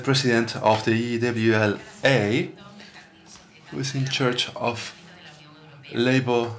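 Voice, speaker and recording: A man serving as moderator at a conference. He introduces the next speaker formally and evenly, in a voice of middling pitch. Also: a bit bright.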